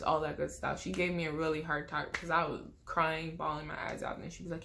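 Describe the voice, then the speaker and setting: A young woman vlogger telling a personal story in a lively, expressive way, with casual slang. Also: sits low, brisk, hardly any pauses, slight background noise.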